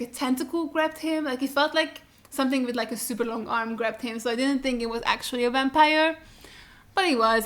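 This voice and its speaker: A young woman hosting a reaction video, chatting casually and animatedly, swearing freely. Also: on the high side. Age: young adult. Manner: animated, swearing freely, mocking voices in quotes. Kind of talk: casual chat.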